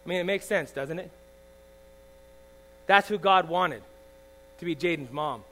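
A man in his forties preaching a sermon, swinging from loud emphatic lines to soft confiding asides, often asking the congregation "all right?". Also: on the high side, measured pace, low-quality recording. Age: 40s. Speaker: pastor. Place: church. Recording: faint mains hum.

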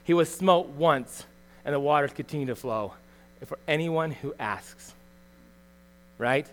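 A middle-aged man preaching a sermon in a voice that sits high for a man. He talks to the congregation conversationally and keeps tossing in tag questions. He swings between punchy, loud emphasis and quiet asides. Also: a little slow. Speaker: pastor.

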